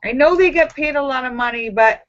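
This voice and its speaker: A woman hosts a casual live-stream chat with a bright, high voice. She talks in an animated, emphatic and sassy way. The sound is dull and lo-fi. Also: fairly quick. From Los Angeles area. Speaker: livestream host.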